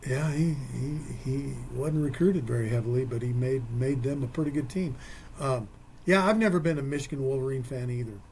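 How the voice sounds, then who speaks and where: A man's voice: medium pitch, brisk, a little mellow, slight background noise. A man co-hosting a local sports radio show, talking casually with folksy, rambling asides.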